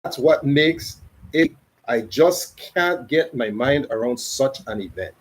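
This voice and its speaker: A man with a Crucian Virgin Islands accent, reading a dialogue and explaining in a slow, measured way. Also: medium pitch, expressive, breathy edge, low-quality recording. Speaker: reader and narrator of a dialogue. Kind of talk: dramatic reading.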